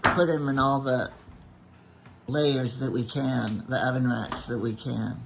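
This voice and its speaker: A woman's voice: rumbling low, steady tone, unhurried, vocal fry, noisy background. Chatty older woman chiming in. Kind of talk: casual chat.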